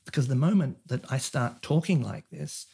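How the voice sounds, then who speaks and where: Economist guy on a podcast, kinda husky, lots of ums and restarts. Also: mid-range voice, lively intonation, moderate pace, mellow. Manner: thoughtful, explanatory, with frequent fillers and restarts. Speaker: economist guest. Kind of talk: conversational interview.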